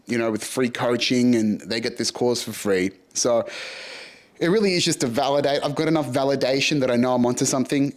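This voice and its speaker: Young man, frank vlog talk, swears a lot, rambles and restarts. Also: mid-range voice. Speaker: podcast host. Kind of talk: casual personal vlog monologue.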